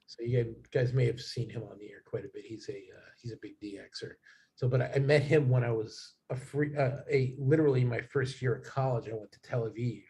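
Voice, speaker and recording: A man's voice: medium pitch, brisk, creaky, warm tone. A man talking as a guest in a casual chat, rambling with many fillers and restarts.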